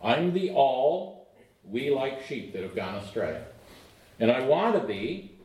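A middle-aged man preaching a sermon, earnest, moving between emphatic lines and hushed, low ones. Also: sing-song, slow, distant mic. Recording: roomy echo, voice off-mic.

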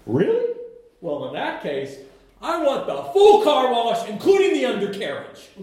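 A man voicing an impulsive, excitable male disciple, with a raised, eager, flustered delivery. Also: moderate pace. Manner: high, loud, eager and flustered. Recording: echoey church hall.

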